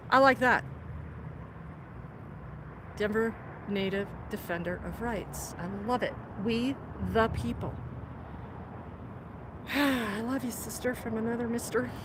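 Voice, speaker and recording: A woman's voice: fairly high pitch, background noise. A woman live-streaming outdoors on a phone, chatting casually, cursing freely and laughing a lot. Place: outdoors at night by a building.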